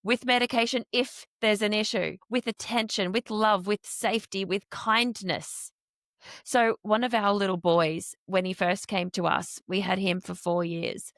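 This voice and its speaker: A woman's voice: medium pitch, steady tone, a little slow, fairly bright tone, no room sound, clean studio sound. A woman hosting an interview, talking earnestly and emphatically as a foster carer. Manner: earnest, emphatic, acts out quoted speech.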